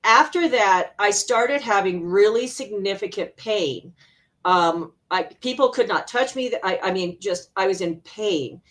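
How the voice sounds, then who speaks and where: Middle-aged woman from arizona telling her story on a podcast, animated, laughs a lot, does little voices for the people in it, ordinary pitch. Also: a little slow. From Arizona, USA. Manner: animated, laughs often, acts out remembered voices. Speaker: interview guest, intuitive healer. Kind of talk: personal storytelling in a conversational interview.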